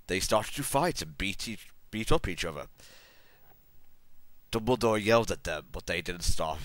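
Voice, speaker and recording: A man hosting a comedic dramatic reading, narrating with sarcastic deadpan delivery. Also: sits low, no room sound. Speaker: host and reader.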